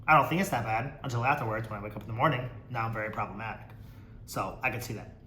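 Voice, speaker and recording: Sarcastic guy roasting comments, swears a lot, roomy echo and a low rumble behind. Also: fast talker, bright, forceful tone. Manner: sarcastic and mocking, swears freely. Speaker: podcast host reading viewer comments. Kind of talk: casual chat.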